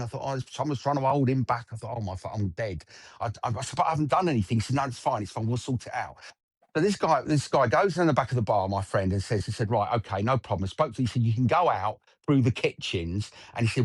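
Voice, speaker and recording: A man's voice: mid-range voice, slightly rough, no echo. A middle-aged man telling a long, sweary story on a podcast, acting out the voices in it. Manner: swears freely, acts out voices in his stories. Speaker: podcast guest. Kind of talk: casual anecdote telling.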